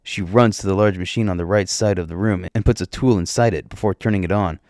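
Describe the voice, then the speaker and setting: A man narrating a story in the first person, in a plain, steady way. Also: deep voice, quick pace, dry recording, clean studio sound.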